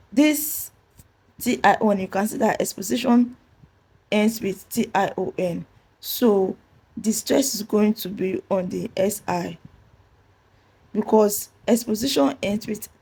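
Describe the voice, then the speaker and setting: Nigerian-accented woman, english teacher, gravelly, mellow tone, spells out letters, repeats key points. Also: mid-range voice. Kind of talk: classroom-style pronunciation lesson.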